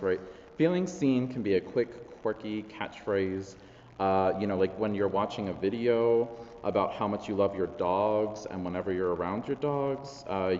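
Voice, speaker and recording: Chatty low-voiced male preacher, echoey hall. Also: a little mellow, slight background noise. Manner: chatty, self-deprecating, many fillers. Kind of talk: conversational sermon. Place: large church hall. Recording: echoey church hall, slightly dull.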